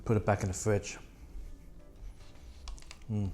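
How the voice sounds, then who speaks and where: A man's voice: on the low side, little pitch movement, slow pace, darkish tone, soft background music. A man talking casually in a rambling vlog, telling stories and acting out what other people said. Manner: chatty storyteller acting out quoted people in raised voices. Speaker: vlogger. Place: at home near a computer.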